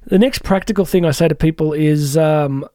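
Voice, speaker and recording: High-voiced man giving conversational life advice. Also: normal speed, warm tone, no echo, clean studio sound. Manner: conversational and coaching, with many asides to the listener. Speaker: host. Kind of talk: reflective podcast talk on personal growth.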